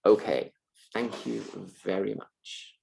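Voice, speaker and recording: A man's voice: lowish voice, animated, slow, vocal fry, dark tone, a little hiss or hum, rough recording. A man giving an explanatory university mock lecture in a conversational way, with fillers and restarts.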